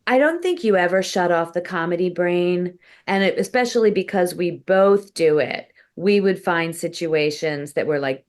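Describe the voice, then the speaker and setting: American comedian lady telling a travel story, lowish voice, animated. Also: normal speed, few pauses. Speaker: comedian guest. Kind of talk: casual interview chat.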